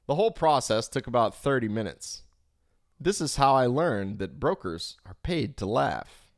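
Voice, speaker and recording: A man reading an audiobook aloud expressively, swinging his pitch for emphasis, on a home microphone. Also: dry recording, studio quality. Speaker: audiobook reader. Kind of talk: audiobook narration. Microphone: home microphone, live stream.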